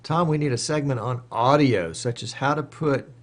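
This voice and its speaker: A man's voice: mid-range voice, moderate pace. A man hosting a live stream, reading viewer comments aloud and answering them off the cuff in casual chat.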